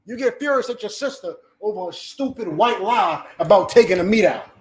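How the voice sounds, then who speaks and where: A man's voice: sits high, expressive, brisk, a little mellow. A man with a New Jersey accent preaching a fiery street sermon, swearing and acting out the voices he quotes.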